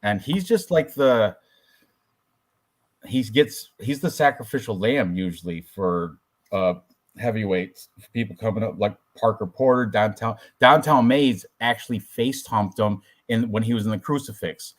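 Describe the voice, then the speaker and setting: A man's voice: lowish voice, a little slow. A man hosting a casual podcast about fight predictions, talking loosely with crude jokes and banter. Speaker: podcast host.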